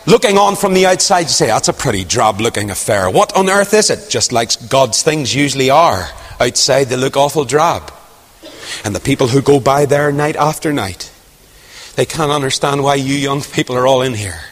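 A man preaching a dramatic sermon, swinging from loud rising questions to hushed near-whispers. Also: mid-range voice, expressive, normal speed. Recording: long hall reverb.

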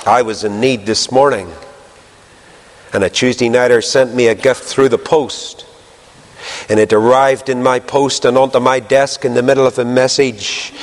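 A man preaches with a chatty, animated delivery, his pitch leaping up sharply to drive points home. His voice sits in the middle register. It rings out with a long reverb tail, as if from a large hall. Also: a little slow. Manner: animated, jumps in pitch for emphasis. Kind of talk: sermon.

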